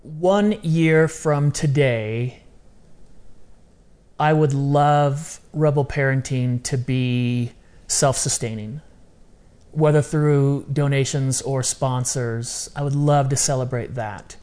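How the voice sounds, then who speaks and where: A middle-aged man talking as a podcast guest in casual interview chat, animated and repeating phrases for emphasis. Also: medium pitch, takes it slowly, clear, resonant tone. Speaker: podcast guest, ministry founder.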